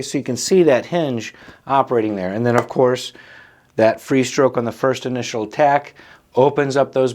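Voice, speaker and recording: A man's voice: mid-range voice, noisy background. Man teaching drums, counting aloud. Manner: relaxed, explanatory, frequent "okay" and "right?". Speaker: drum teacher. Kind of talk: instructional lesson, counting aloud.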